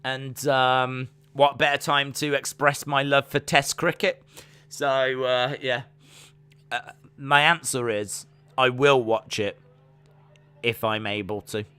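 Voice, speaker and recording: English guy rambling on a stream, reading chat, really bright forceful voice, mid pitch. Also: steady tone, slow, smooth. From England. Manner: rambling, self-deprecating, frequent restarts. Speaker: wrestling watch-along streamer. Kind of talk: casual live-stream chat reading viewer comments.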